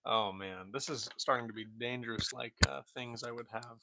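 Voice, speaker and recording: A man talking quietly on a live stream with a low, gravelly voice that chat says sounds like a dusty cowboy, answering viewers' comments. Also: normal speed. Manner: soft-spoken, reads and answers chat comments.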